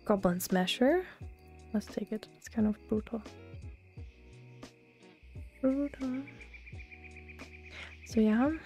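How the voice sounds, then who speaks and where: A young German woman with a German accent, chatting softly and often half-whispering in a relaxed ASMR gaming stream, close to the mic. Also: on the high side. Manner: often half-whispered, relaxed, answers chat between gameplay. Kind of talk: soft-spoken ASMR gaming stream chat. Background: faint lo-fi music.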